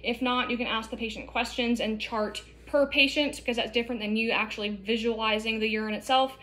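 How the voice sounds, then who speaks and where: A woman's voice: on the high side, steady tone, a little fast, fairly bright tone. Casual woman teaching a nursing demonstration. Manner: casual, explanatory, many fillers. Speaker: nursing instructor. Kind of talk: demonstration lesson.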